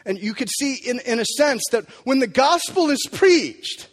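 A man preaching a sermon as pastor, emphatic and animated, sometimes dropping to a quiet, low delivery. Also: measured pace, hardly any pauses. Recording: long hall reverb.

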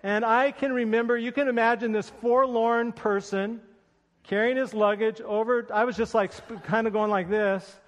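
A man with a high voice preaches a sermon. He tells a personal story with self-deprecating humor. His voice rings with the long reverb of a large hall. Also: fairly even intonation, normal speed. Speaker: pastor.

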